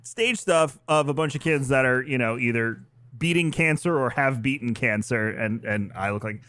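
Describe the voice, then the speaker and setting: A man co-hosting a podcast, telling an animated story in casual chat and swearing freely. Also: mid-range voice, normal speed. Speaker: podcast co-host.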